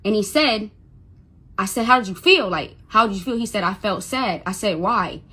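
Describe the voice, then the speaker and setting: A woman's voice: medium pitch, lively intonation, moderate pace, bright, forceful tone, slightly rough. A young adult woman, a mother, telling an emotional first-person story, stuttering and repeating words when upset and quoting others as she goes.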